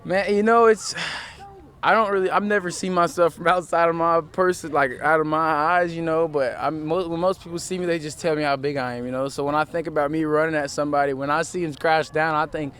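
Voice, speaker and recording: Teen football player, loose rambling talk. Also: male voice, fairly high pitch, a little fast, smooth. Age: teens. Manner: relaxed, rambling, many fillers. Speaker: high school football player. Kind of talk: casual interview. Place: outdoors at a football field.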